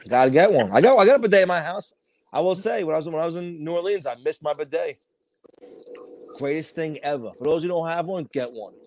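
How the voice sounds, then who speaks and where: Profane, animated man in casual chat. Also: a little high, quick pace, no echo. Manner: profane, animated, acts out quotes in shouted voices.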